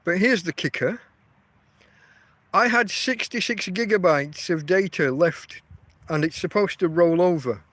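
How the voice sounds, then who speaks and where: Rambling man, fairly high voice. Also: a little slow, fairly bright tone, no room sound. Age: 50s. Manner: rambling, chatty, often restarts his sentences. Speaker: livestream host. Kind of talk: casual livestream chat. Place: outdoors.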